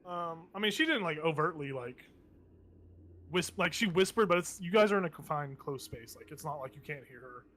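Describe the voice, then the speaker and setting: A man's voice: fairly high pitch, expressive, normal speed, fairly bright tone. A man running a tabletop game as game master, talking in a loose, teasing way with lots of fillers.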